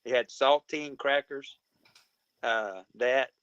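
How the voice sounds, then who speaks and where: Man, middle-aged, halting, polite, dull muffled audio, dry. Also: mid-range voice, a bit bright, clear, resonant tone, no echo. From Mobile County, Alabama. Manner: halting, many fillers and restarts, polite. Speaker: guest. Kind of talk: casual conversation.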